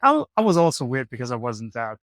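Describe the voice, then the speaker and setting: A man hosting a podcast in casual chat, calm and laid-back, giving short replies. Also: medium pitch, fairly quick, no echo, studio quality. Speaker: podcast host. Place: hostel room.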